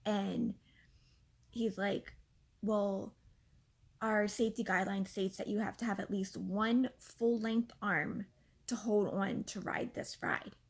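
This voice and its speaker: A woman in her thirties casually telling a story from her own life, animated and exasperated, with lots of fillers. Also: medium pitch, slow, slightly rough. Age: 30s. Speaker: vlogger.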